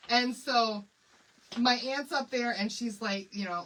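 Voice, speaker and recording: A woman hosts a craft livestream, swapping stories with her viewers in a lively, confiding way. Her voice is bright and forward. She sits a bit back from the mic, with a faint hum of background noise. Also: fairly high pitch, normal speed, far from the mic, rough recording. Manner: animated, confiding, addresses viewers and commenters by name. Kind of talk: chatty storytelling while demonstrating a craft.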